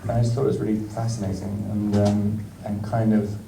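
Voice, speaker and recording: A man's voice: fairly low pitch, level tone, gravelly, background noise. A man with a British accent, speaking in an on-stage Q&A with many fillers, restarts and frequent laughter. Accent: British English. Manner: halting, rambling, lots of fillers and restarts, laughs often. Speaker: actor, festival guest. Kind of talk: on-stage Q&A conversation. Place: festival stage in a large room. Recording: roomy hall sound, miked from far off.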